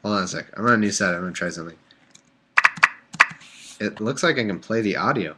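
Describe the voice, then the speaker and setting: A man's voice: on the low side, animated, fast talker, heavy background noise. A man hosting a live stream, reading scripture aloud and breaking off into rambling, jokey asides. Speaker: livestream host. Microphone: computer microphone on a live stream.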